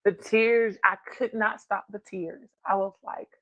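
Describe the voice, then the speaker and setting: A woman's voice: medium pitch, steady tone, measured pace, fairly bright tone, dry recording, dull audio. A woman giving a heartfelt personal testimony, earnest and encouraging as she tells a story. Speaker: guest speaker.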